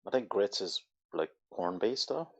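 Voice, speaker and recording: Very deep-voiced man, dry call audio. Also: lively intonation, unhurried, breathy edge, no room sound, highs cut off. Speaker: call participant. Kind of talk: casual chat on a voice call.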